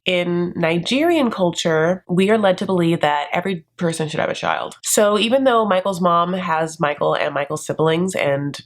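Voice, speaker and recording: Female recap host from the States, sarcastic casual delivery, slightly low pitch. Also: normal speed, few pauses. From United States. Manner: sarcastic, chatty, does mocking voices for the cast. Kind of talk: casual commentary.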